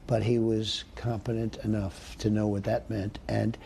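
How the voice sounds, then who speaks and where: A gravelly, dark-toned man speaking emphatically and accusingly. A faint hiss and ambience sit under the clip. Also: on the low side, little pitch movement, normal speed.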